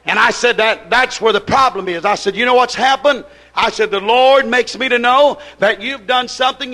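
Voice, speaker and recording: A male preacher with a very high, bright, ringing voice delivers a sermon. He talks in a folksy, emphatic way, repeating himself for weight as he tells a story.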